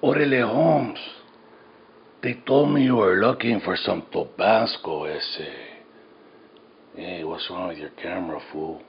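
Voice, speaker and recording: A man's voice: sits low, measured pace, gravelly. A man putting on a Mexican Spanish accent, bantering in a teasing, streetwise way. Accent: put-on Mexican Spanish. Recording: dull sound, faint background noise.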